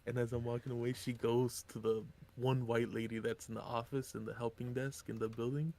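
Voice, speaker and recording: Young dude streamer telling a crazy story, animated, swears a lot, bit of ambience. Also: male voice, mid-range voice, brisk, slight background noise. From Mexican heritage. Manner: animated, acts out voices in anecdotes, profane. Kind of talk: casual storytelling chat.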